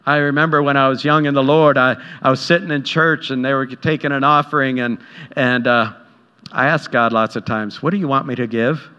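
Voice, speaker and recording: A man's voice: mid-range voice, steady tone, moderate pace, bright, forceful tone, smooth. A man preaching a sermon in a conversational way, retelling scripture and personal stories and acting out the voices in them. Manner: conversational, acts out quotes, chuckles at own stories. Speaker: pastor. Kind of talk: sermon with storytelling. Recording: dull sound with long hall reverb.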